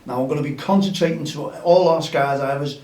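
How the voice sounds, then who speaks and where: A man with a slightly high, slightly fast, darkish voice hosts a grassroots football show, chatting in an upbeat way that rallies his listeners. It's a casual outdoor podcast, and he sounds a little distant from the mic with a roomy echo around him.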